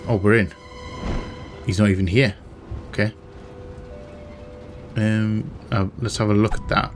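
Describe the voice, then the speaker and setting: A man's voice: fairly low pitch, little pitch movement, unhurried. A man casually commentating a game he plays, thinking aloud and reading in-game text with wry asides. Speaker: gaming channel host. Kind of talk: casual let's-play commentary. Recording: game music playing behind. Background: game music.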